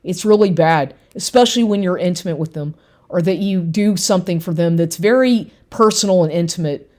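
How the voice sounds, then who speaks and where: A woman's voice: lowish voice, a little fast. A woman from Texas telling a story about a lying ex in a casual rant, acting out both sides of the conversation and swearing often. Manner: animated, quotes people, swears, repeats herself.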